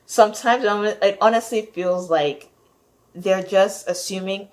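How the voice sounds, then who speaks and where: A woman's voice: mid-range voice, unhurried. A woman vlogger in a casual, exasperated rant, rambling and filling her talk with "like". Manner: exasperated, rambling, heavy use of "like".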